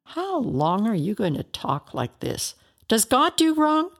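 A woman's voice: lowish voice, huge pitch swings, unhurried, slightly rough, exaggerated voice. A woman voicing a self-righteous male friend in a storybook reading, blunt and accusing.

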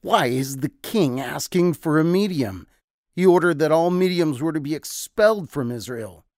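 A man's voice: on the high side, animated, normal speed, a little mellow, dry recording, studio quality. A man voicing a principled male royal advisor who speaks earnestly and disapprovingly, in an audio drama.

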